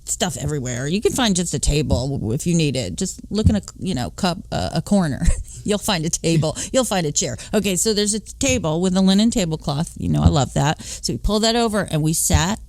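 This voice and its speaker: A woman in her late fifties, a podcast host from the Philadelphia and New York area, telling a personal story in an animated way. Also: a little fast, no echo. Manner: animated, acting out dialogue with big pitch swings.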